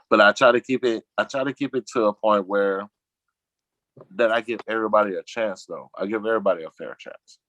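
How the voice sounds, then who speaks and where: A man talks in a low, deep voice, recorded dry and close. He rambles through casual chat in slang and drops his voice to act out things his friends say. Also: normal speed, pauses often, fairly bright tone, dry recording, highs cut off. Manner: rambling, slangy, acts out quotes in a lower voice. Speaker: guest on a talk show.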